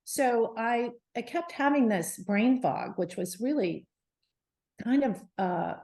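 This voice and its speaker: A middle-aged woman, a guest on an interview show, telling her story in a lively, animated way with many restarts. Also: on the high side, takes it slowly. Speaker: guest, menopause advocate.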